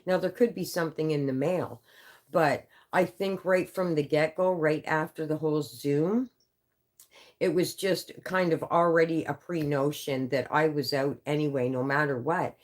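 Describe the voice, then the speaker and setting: Woman, low voice, sleepy and worn out; rambling home livestream chat, halting, swears, restarts lines often. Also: fairly even intonation. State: tired, sleepy. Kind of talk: casual live-stream chat.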